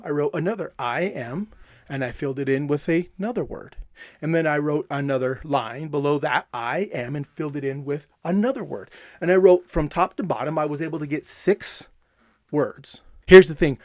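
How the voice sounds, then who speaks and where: A man giving an energetic, emphatic motivational talk, repeating phrases for effect. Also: a little high, no room sound, clean studio sound. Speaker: self-help coach.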